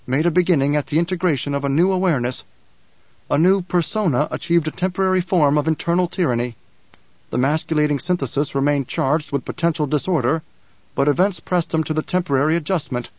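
Guy reading an audiobook, slow and deliberate, kinda muffled dry sound. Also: fairly high pitch, a little mellow, no echo. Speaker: narrator. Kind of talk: audiobook narration.

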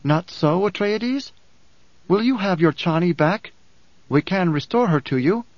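A man's voice: high voice, expressive, a little slow, no echo, highs cut off, pitched above the performer's own voice. A man voicing a menacing shapeshifter speaking through a stolen woman's body, gloating and bargaining.

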